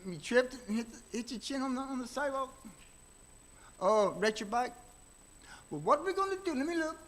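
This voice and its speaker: A man voicing a kindly older German country doctor with a German accent, chatting cheerfully to hurt children to calm them. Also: very high-pitched, a little fast, pitched above the performer's own voice, rough recording. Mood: gentle, coaxing. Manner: cheerful, coaxing bedside chatter to small children.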